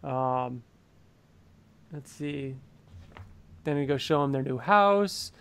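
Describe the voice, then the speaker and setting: A man's voice: mid-range voice, slow, fairly bright tone, clear, resonant tone. A man co-hosting a podcast, recapping a comic in casual chat, enthusiastic and laughing often. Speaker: podcast co-host. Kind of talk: casual comic book discussion.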